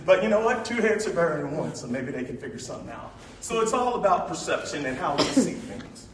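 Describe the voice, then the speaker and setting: A man's voice: a little high, very animated, fast. Chatty man presenting in an echoey hall. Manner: chatty, laughs often, many fillers. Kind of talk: informal talk with slides. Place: large echoey room. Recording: echoey room from far off, faint noise.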